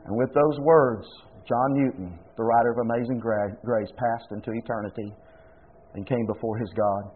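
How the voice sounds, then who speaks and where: A male preacher delivers an impassioned sermon. He lifts into loud pleading prayer and falls back to a hushed telling. His voice comes through thin and narrow, like a phone line. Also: medium pitch, fairly even intonation, moderate pace, a little hiss or hum. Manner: impassioned, shouts pleading prayers then drops to a hush. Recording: tinny phone-like sound.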